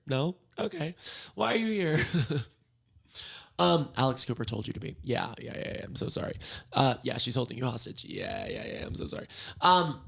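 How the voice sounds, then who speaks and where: A man with a gravelly, creaky voice talks casually from his bed, tired and a little hoarse. He hosts a solo podcast, wandering off track and joking at his own expense. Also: medium pitch. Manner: rambling, scattered and self-mocking. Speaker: podcast host. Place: in bed at home.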